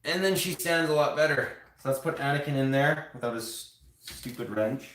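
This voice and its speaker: A man's voice: a little high, normal speed, a bit bright. Chatty man live-streaming in an echoey room. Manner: rambling, chatty, talks to viewers while building. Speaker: toy building streamer. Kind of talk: casual live stream chat. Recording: roomy home room echo.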